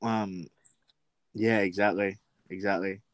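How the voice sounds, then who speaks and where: A young podcast host from West Yorkshire, England, tells a story in a rambling, casual way, full of fillers and laughs. His voice is low with fairly even intonation, he speaks slowly, and the recording has no echo.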